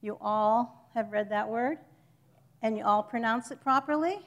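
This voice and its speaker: A woman with a somewhat high voice delivers an informal teaching to her congregation. She talks in a loose, chatty manner, trades jokes with the listeners, and corrects herself mid-sentence. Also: unhurried, dull audio. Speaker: church teacher. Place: church hall with a congregation.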